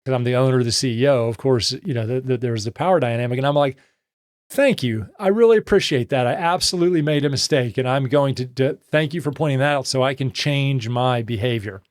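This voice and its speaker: A man's voice: mid-range voice, fairly quick, no echo. Dry, close-miked man giving leadership advice. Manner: animated storyteller, acting out quoted dialogue. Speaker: host answering listener questions. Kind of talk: live Q&A advice talk.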